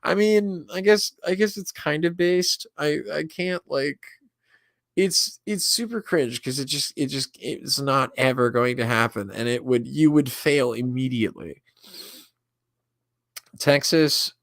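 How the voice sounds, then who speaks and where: A man's voice: medium pitch, unhurried, no echo, studio quality. A man hosting a casual reaction stream, crude and mocking, swearing heavily and reacting with disbelief.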